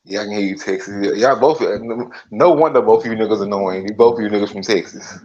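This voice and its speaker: Low-voiced man on dull, lo-fi call audio. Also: quick pace, a little mellow, a little hiss or hum. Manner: laid-back, heavy slang and profanity. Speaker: friend in a casual group call. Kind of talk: casual chat.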